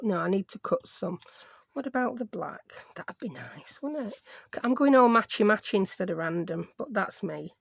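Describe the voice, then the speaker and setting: Woman, craft vlogger, rambling chatter, slight fry, dry. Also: mid-range voice, animated, a little fast, dry recording. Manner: chatty, rambling, thinks aloud. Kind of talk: casual chat while crafting.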